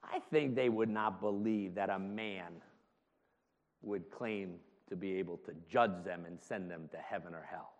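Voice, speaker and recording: A man's voice: low-pitched, unhurried. A man preaching a sermon as pastor, emphatic and full of rhetorical questions, laughing often between points. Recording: long hall reverb.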